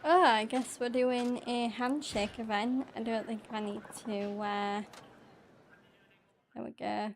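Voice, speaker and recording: A young woman rambles through casual gameplay commentary and often restarts her thoughts. She speaks at an unhurried pace, and her voice stays flat and even. A faint hum of ambience sits behind her. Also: on the high side. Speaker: gaming YouTuber. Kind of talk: casual let's-play commentary.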